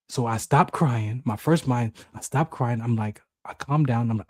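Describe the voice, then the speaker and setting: A man co-hosting a talk show speaks at normal speed with hardly any pauses, telling an emotional personal story. Animated, he acts out his inner voices in high shouts. The recording is dry and studio quality.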